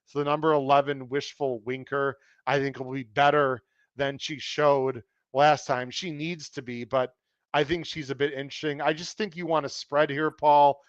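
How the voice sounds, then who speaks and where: Smooth-voiced man handicapping races. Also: medium pitch, level tone, normal speed, no room sound, lo-fi sound. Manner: chatty, analytical, ribs his co-host. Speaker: podcast co-host handicapping horse races. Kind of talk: casual chat.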